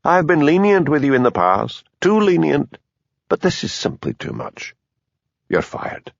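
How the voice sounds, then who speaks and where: A man voicing a stern police superintendent who speaks quietly and frostily in an audiobook. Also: a little high, sing-song, moderate pace, gravelly, no echo, dull audio, pitched above the performer's own voice. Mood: cold fury. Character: quiet furious male police superintendent, cold.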